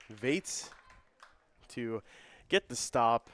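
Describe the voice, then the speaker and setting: A young man doing play-by-play for a student soccer broadcast. His voice climbs and quickens as the attacks build. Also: fairly low pitch, lively intonation, no echo. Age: young adult. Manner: rises and speeds up with the action. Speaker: play-by-play commentator. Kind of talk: student sports commentary.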